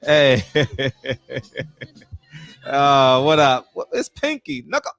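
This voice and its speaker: A man's voice: medium pitch, sing-song, slow pace, a bit bright, no room sound. Profane livestream host man, dry sound. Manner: loose, profane, greets viewers by name. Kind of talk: casual chat.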